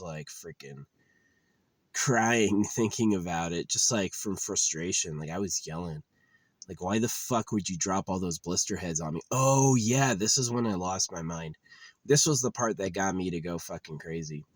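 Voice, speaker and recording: A young man with a low, deep voice vents in a tired, rambling rant, full of fillers and swearing. The sound is dry and close, with no room echo. He keeps circling back to his frustration. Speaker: gamer venting about a game. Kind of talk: casual rant to camera.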